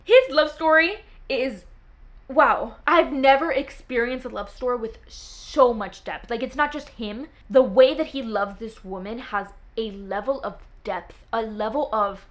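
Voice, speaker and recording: A woman's voice: a little high, unhurried. A young woman chatting to camera as a book vlogger, gushing and dramatic as she swoons over favourites. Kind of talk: casual chat to camera.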